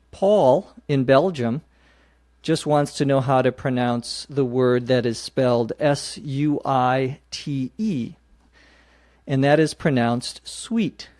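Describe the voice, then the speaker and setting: A man with a mid-range, darkish voice hosts an English-learning podcast, recorded dry with clean studio sound. He teaches slowly, explaining phrases with patience and spelling words out letter by letter.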